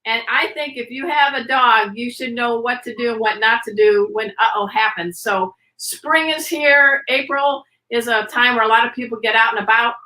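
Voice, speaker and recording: Woman, pet first aid instructor, energetic, demonstrative, bright voice, echoey room. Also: on the high side, moderate pace, few pauses. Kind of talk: video podcast interview. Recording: roomy echo.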